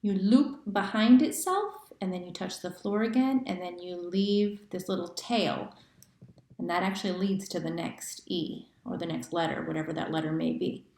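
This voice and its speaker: A woman's voice: on the low side, moderate pace, gravelly, darkish tone. A woman teaching cursive handwriting, chanting the stroke names step by step. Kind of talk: handwriting lesson. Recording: echoey room.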